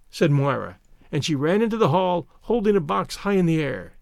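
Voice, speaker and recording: A man's voice: a little high, very animated, normal speed, gravelly, darkish tone, dry recording, clean studio sound. A man reading a short story aloud as narrator, shifting his voice up for the characters' lines.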